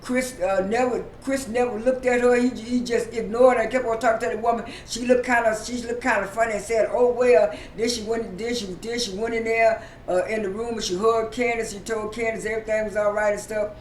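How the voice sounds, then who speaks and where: A man casually recapping a TV episode, halting often with fillers and repeating his words. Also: fairly even intonation. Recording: roomy echo, distant mic, faint rumble.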